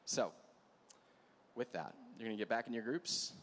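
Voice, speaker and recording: A man preaching as a pastor at a church gathering, telling a story in a conversational, animated way with asides to the room. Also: mid-range voice, normal speed, a little hiss or hum. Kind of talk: storytelling sermon.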